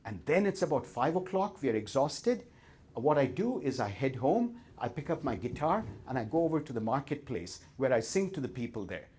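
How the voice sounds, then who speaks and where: A man's voice: mid-range voice, very animated, moderate pace, a little mellow, slight background noise, lightly acted. A man with an Indian accent playing a contented, carefree Mexican fisherman who tells of his easy, leisurely day.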